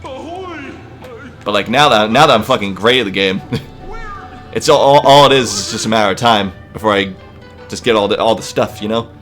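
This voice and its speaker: A young man rambling casually about a video game as a let's play commentator, often halting and restarting. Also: on the low side, big pitch swings, a bit bright. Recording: voice with game music behind.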